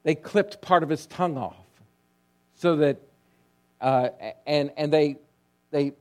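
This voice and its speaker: A male pastor preaching a sermon, telling stories with drama, dropping to a hush and then rising loud. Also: on the high side, slow pace. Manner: dramatic storytelling, swinging between hushed and loud.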